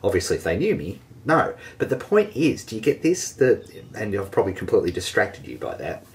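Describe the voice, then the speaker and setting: A man teaching an online marketing lesson, energetic and jokey, poking fun at himself. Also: on the low side, brisk. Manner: energetic, jokey and self-mocking. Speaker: online marketing course host.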